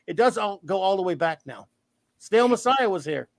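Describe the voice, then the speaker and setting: A man with a high voice hosts a casual live talk show. He rambles playfully and pokes fun at himself. The sound is dry and close, with no room around him. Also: animated, normal speed, no echo. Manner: rambling, playful, self-mocking. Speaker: livestream show host. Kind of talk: casual chat.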